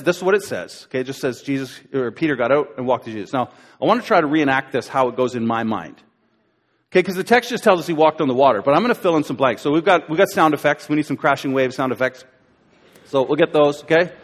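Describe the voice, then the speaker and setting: A pastor giving a sermon, telling a story and acting out its scenes with voices and asides to the crowd. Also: male voice, a little high. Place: church auditorium. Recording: live church recording with long hall reverb.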